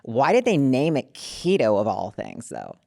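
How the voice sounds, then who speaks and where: A woman's voice: rumbling low, wildly swooping pitch, a little slow, gravelly, a little mellow, dry recording, clean studio sound. A woman hosting a casual interview podcast, chatty, with many fillers. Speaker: podcast host.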